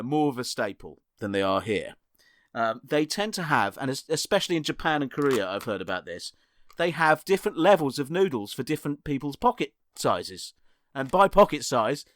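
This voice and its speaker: A man's voice: medium pitch, big pitch swings, moderate pace, a bit bright, no room sound, studio quality. A man co-hosting a casual podcast, rambling enthusiastically through an explanation. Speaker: co-host.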